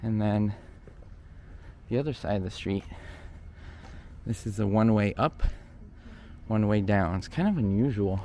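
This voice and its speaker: A man's voice: on the low side, measured pace, pauses often, dark tone. Man filming an outdoor walking tour, slightly winded. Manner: chatty, thinking aloud, many fillers. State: out of breath from climbing stairs. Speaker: vlogger touring a location. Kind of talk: casual walking vlog narration. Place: outdoor hillside stairway in a city neighborhood. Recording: faint outdoor ambient noise.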